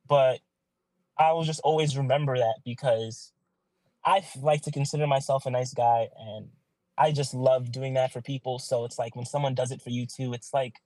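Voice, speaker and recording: A man's voice: medium pitch, steady tone, normal speed, mellow, no room sound, low-quality recording. Earnest young man telling a story. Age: young adult. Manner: earnest storytelling, many likes and you-knows. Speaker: guest actor. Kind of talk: casual podcast chat.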